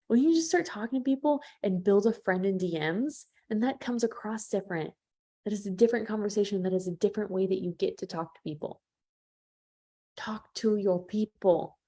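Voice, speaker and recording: A woman coach with a mellow voice leads a live training for her listeners. She talks to them warmly as "y'all" and acts out the quoted voices with big swings in pitch. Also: moderate pace. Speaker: business coach.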